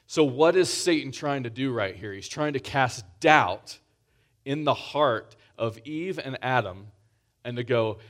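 A man's voice: medium pitch, animated, a little slow, a bit bright. A man preaching a sermon in a conversational way, often restarting phrases and pushing up for emphasis.

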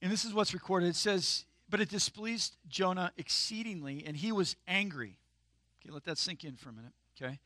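A man preaching in a conversational sermon style that breaks into sudden emphatic bursts. His voice is bright and a little higher than most men's. The sound is dry and close, with no room echo. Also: a little fast. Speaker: pastor.

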